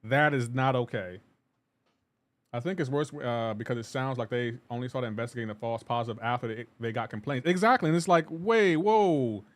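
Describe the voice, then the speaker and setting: A man's voice: medium pitch, a little fast, dry recording. A man streaming a game live, ranting in an exasperated way and repeating himself while reacting to chat.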